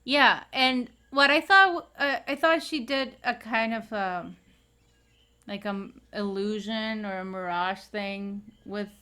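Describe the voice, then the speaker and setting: Slow, hesitant woman chatting casually. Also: medium pitch, sharp tone, clear, resonant tone. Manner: hesitant, full of fillers. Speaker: podcast co-host. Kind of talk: casual chat.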